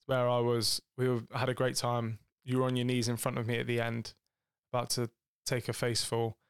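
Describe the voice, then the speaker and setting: A man co-hosting a casual podcast with his partner, telling jokey, rambling stories. His voice is gravelly with a fry at the ends of phrases. It sits at a middle pitch and is recorded close and dry, with no room sound. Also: completely flat delivery, moderate pace, no echo. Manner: joking, rambling storyteller. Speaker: podcast co-host. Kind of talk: casual couple's chat.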